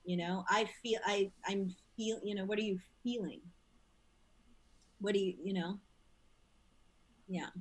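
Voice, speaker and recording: A woman's voice: mid-range voice, fairly even intonation, a little slow, pauses often, rough recording. A woman hosting a casual discussion, talking in an earnest, reflective way with many fillers.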